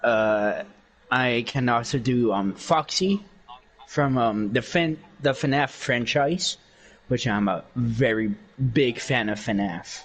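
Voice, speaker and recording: A man's voice: medium pitch, slow, a bit bright. A young man chatting casually while gaming, boastful and rambling, with many fillers. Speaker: game streamer doing impressions.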